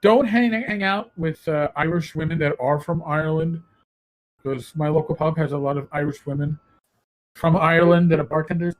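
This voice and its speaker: A man, a former police officer, telling animated and profane stories in casual podcast chat. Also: on the high side, moderate pace, rough recording.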